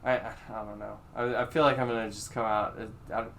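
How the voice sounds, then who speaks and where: A man's voice: on the low side, level tone, fast, creaky, a bit bright, a little hiss or hum. Hesitant man hosting a casual podcast. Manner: hesitant, filler-heavy, thinking aloud. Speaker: podcast host. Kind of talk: casual chat.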